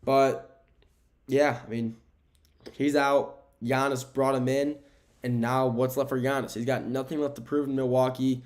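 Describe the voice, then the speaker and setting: Young male podcast host, middle-pitched, casual and rambling, opinionated sports takes, recorded at home. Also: little pitch movement, a little slow, a little mellow. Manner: rambling, opinionated, self-correcting. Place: home room with window blinds.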